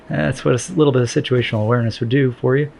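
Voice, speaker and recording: A man calls his own race replay in a chatty, self-deprecating way. His voice has a gravelly edge. Faint game sound runs underneath. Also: medium pitch, quick pace, noisy background. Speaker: sim racing commentator.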